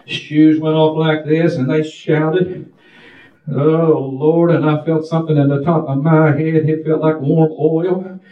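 An older man preaching a fervent testimony sermon, shouting hallelujahs and whooping between stretches of storytelling. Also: on the high side, level tone, a little slow, muffled recording. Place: church sanctuary. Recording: echoey church from far off.

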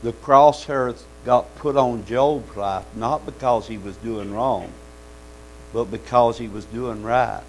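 Man preaching, gravelly voice, folksy fervor, faint hum behind. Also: medium pitch, takes it slowly, low-quality recording. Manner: folksy, fervent, calls out amens. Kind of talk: sermon.

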